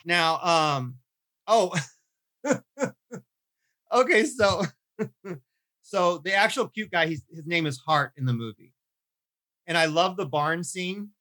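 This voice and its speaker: A man co-hosting a casual film review podcast, chatty and animated, often laughing and restarting his sentences. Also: on the high side, slow, long pauses. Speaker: podcast co-host.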